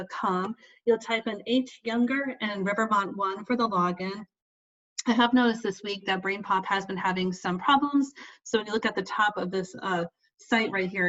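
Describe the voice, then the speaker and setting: A woman's voice: medium pitch, a bit bright, muffled recording. A female teacher giving step-by-step directions in a recorded online lesson.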